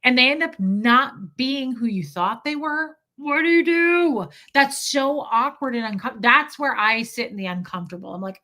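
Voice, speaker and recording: Bright slightly high-voiced woman on a livestream, candid and emotional, laughs a lot, swears freely. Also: expressive, moderate pace, few pauses. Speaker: livestream host. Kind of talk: casual livestream chat reading comments.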